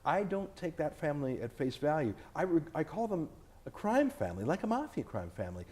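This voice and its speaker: A man giving a sit-down interview speaks in a combative, insistent way. His pitch swings widely as he presses each point. His tone is dark and mellow. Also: big pitch swings, a little fast. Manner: emphatic, combative, argumentative. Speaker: author and TV host, interview guest. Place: indoors, filmed interview.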